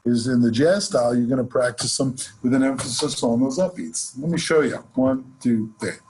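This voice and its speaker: A man gives a jazz lesson, explaining scales in an easy, relaxed way. His voice is very smooth and resonant at a middle pitch, and he counts off the beats before each example. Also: a little fast. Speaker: jazz music teacher. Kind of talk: instructional lesson with playing examples.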